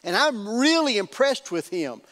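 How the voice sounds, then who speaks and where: A man's voice: high voice, sing-song, measured pace, a bit bright, in a large hall, heavily acted. A man voicing a king who casually praises a worker. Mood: approving. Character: pleased king promoting a worker.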